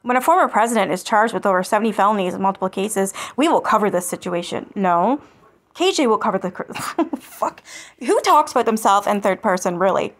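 A woman's voice: medium pitch, lively intonation, fast talker. A woman hosting a commentary channel, reading online comments aloud and answering them with sarcasm and swearing. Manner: sarcastic and scornful, swears freely.

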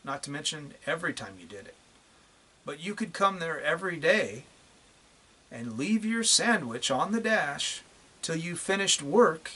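A man's voice: a little high, pushed and bright, slightly rough. A man ranting bluntly to the camera in a profane, repetitive video monologue. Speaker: vlogger.

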